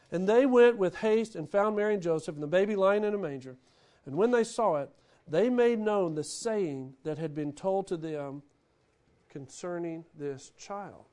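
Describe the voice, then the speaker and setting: A man preaching a sermon, who swings between loud, animated bursts and hushed, quiet lines. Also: high voice. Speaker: pastor.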